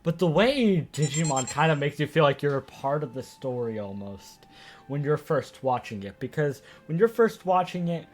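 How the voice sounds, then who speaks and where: Animated, swearing man talking anime. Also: a little high, moderate pace. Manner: animated, profane, rambling. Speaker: YouTube anime commentator. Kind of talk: casual video-essay commentary.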